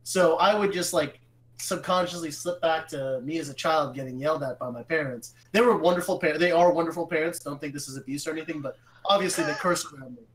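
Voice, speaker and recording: Young man, podcast co-host, casual profane storytelling, slightly high-pitched. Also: fast, a bit bright, poor audio.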